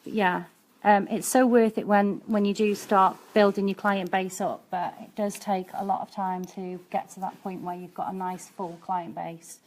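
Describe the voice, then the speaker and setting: Nail educator, woman, live-stream demo: chatty, practical, plenty of ums, mid-pitched. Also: level tone, normal speed, hardly any pauses, a little mellow.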